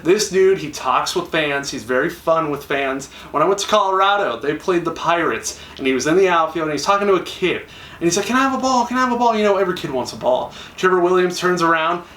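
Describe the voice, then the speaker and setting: A man's voice: on the high side, brisk, fairly bright tone, distant mic. A young man chatting enthusiastically to camera, acting out quoted lines. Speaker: YouTuber. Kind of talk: casual talk to camera. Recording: echoey room, a little off-mic.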